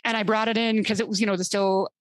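A woman's voice: medium pitch, fairly even intonation, fast. A woman guest on an interview show, a divorce recovery coach telling a story in a rambling, casual way with blunt swearing. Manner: rambling, profane, acts out quotes of others.

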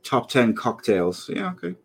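Man in his 30s, mid-pitched, laughs easily, podcast co-host with a loose chat. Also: big pitch swings, unhurried, vocal fry, breathy edge. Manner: jokey, laughs often at his own jokes. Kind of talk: casual chat.

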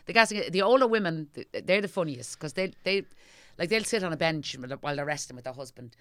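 A middle-aged woman with a Dublin accent talks quickly in a lowish voice, spinning stories and mimicking the people in them. The recording is close and dry, with no room sound. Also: dry recording. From Ireland. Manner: animated storyteller, acting out what people said. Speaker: guest. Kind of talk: casual chat.

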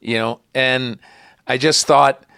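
Man interviewing with lively storytelling. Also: medium pitch, slow, vocal fry, smooth, no room sound, clean studio sound. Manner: lively anecdotal storytelling, hesitant restarts. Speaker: interviewer, podcast host. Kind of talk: conversational interview.

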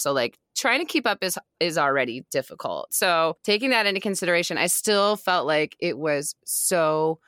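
A woman in her thirties co-hosting a podcast in excitable casual chat. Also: low-pitched, smooth, no room sound, studio quality. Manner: excitable, animated, swears casually. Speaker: podcast co-host.

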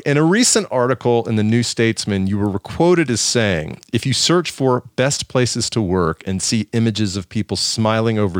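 A man's voice: on the low side, no room sound, clean studio sound. A man hosting an interview podcast, chatting casually and making self-deprecating jokes. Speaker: podcast host.

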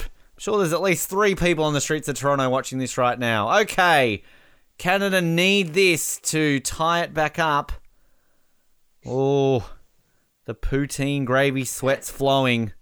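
A man doing casual, joking commentary while watching a match, with bursts of excited shouting at big moments. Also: on the high side, smooth, no echo, studio quality. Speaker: podcast co-host.

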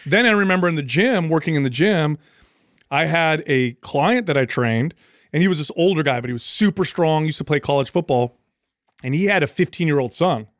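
Slightly higher-voiced man, casual swearing. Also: a little fast, no room sound, clean studio sound. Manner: relaxed anecdotal, swears casually. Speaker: podcast co-host, fitness trainer. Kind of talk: casual chat.

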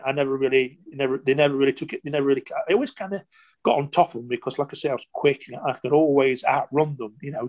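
A man in his sixties, a former footballer, telling stories casually in an interview, animated and rambling with lots of "you know" and restarts. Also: mid-range voice. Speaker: former professional footballer, guest.

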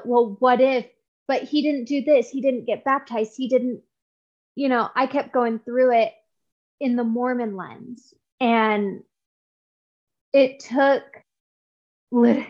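Earnest woman guest, muffled lo-fi sound. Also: a little high. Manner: earnest and heartfelt, with frequent restarts. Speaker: podcast guest. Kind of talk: conversational interview.

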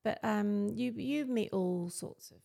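Gravelly mum, chatty. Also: female voice, mid-range voice, slow, dark tone. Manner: chatty, teasing, laughs often. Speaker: podcast co-host, mother. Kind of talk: casual chat.

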